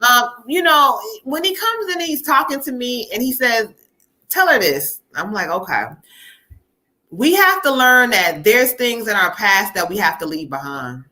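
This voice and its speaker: Chatty bright-voiced woman giving readings. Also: a little high, sing-song, normal speed. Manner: chatty, laughs often, relays spirit messages. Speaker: psychic reader hosting a live stream. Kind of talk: live tarot reading.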